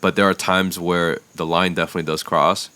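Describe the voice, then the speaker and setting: A man with a low, clear, resonant voice talks through a story in easygoing podcast chat. He leans on fillers and restarts as he goes. The sound is close and dry. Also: level tone, a little fast, sharp tone, no room sound. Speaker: podcast co-host, songwriter and producer.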